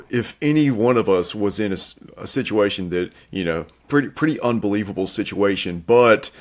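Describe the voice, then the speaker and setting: A young man co-hosting a film review show, talking casually with many pauses and fillers. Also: sits low. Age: young adult. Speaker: film critic co-host.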